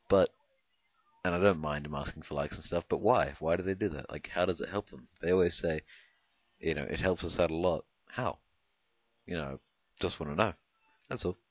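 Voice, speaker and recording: A man's voice: extremely low pitch, no echo. A young man from Canada rambling through casual gameplay commentary, hesitant and full of filler words, on a cheap close mic. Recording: dry, dull lo-fi home recording.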